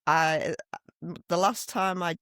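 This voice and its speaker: A woman's voice: lowish voice, slow pace, dry recording. Scouse woman, middle-aged, chatty podcast cohost, swears a lot, dead dry sound. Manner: animated storytelling with blunt swearing. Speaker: podcast co-host. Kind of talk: casual chat. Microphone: desk microphone.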